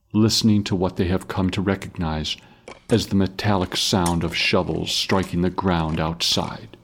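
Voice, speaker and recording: A man narrating a story in a grave, measured reading style. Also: sits low, a little hiss or hum.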